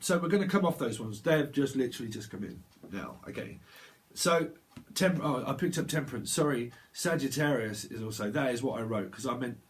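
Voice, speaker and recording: A man with a British accent giving a psychic tarot reading, rambling and free-associating, often trailing off and correcting himself. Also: mid-range voice. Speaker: tarot reader.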